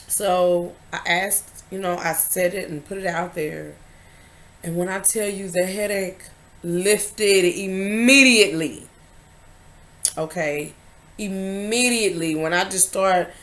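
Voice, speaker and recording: A woman vlogger telling a candid personal story, emphatic and confiding, swinging between loud stresses and hushed asides. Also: lowish voice.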